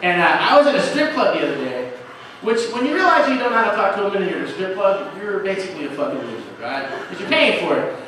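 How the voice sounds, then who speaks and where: A man in his forties tells self-deprecating stories in a stand-up set, his voice sitting high for a man. He is picked up from a distance on a handheld mic, so the club rings with heavy echo. Steady noise hangs behind him. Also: quick pace. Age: 40s. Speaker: stand-up comedian. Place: comedy club stage. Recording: echoey club from far off, noisy.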